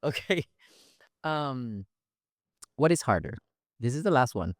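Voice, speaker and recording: A man's voice: mid-range voice, big pitch swings, measured pace, no room sound. Playful male podcast host, dry close mic. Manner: playful, teasing, upbeat interviewer. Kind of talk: casual interview chat.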